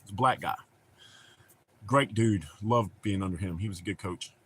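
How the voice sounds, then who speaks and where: A man's voice: low voice, normal speed, slight background noise. A middle-aged man with a Southern American accent, chatting casually and telling rambling, profane stories on a stream. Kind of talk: casual chat.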